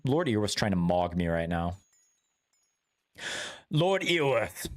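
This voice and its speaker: A man's voice: low-pitched, animated, fairly quick, darkish tone, dry recording, studio quality. A man making joking, wry asides while he streams a game. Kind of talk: casual gaming commentary.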